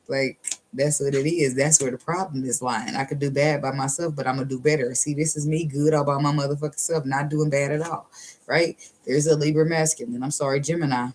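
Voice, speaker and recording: A woman with a deep, steady, somewhat mellow voice reads tarot casually. Her style is sassy, blunt, and full of profanity, with plenty of laughter and phrases drawn out slowly for emphasis.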